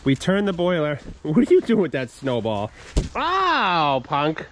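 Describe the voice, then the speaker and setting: A man's voice: fairly high pitch, very animated, a little fast, warm tone, slight background noise. Chatty man hosting a DIY vlog. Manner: chatty, explains step by step with frequent ums. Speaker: homesteading channel host. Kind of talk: casual DIY how-to vlog. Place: outdoors by a wood boiler after snowfall.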